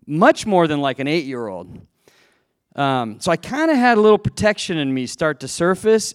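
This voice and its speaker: Addressing a live audience, a man recounts a personal story at his own expense, laughing at himself, chatting, and starting his sentences over. His voice is a little high, and the recording is dry and studio quality.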